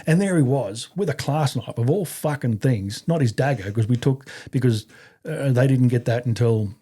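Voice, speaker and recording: A middle-aged Australian man tells a story as a podcast guest. His voice is warm and mellow, sitting at an ordinary pitch. He talks bluntly, swears freely and rambles with restarts. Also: normal speed, breathy edge. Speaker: podcast guest, army veteran. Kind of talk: casual anecdotal storytelling.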